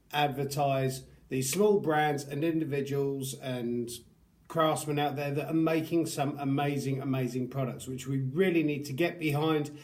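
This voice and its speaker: A man's voice: a little high, a little mellow. A man reviewing products to camera, chatty and earnest, with upbeat greetings. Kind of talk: casual talk to camera.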